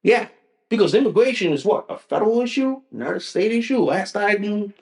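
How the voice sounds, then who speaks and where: A man's voice: sits high, lively intonation, fairly quick, darkish tone. A male podcast host delivering a profane, repetitive, combative political rant, speaking directly to his listeners. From Connecticut. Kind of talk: ranting political commentary.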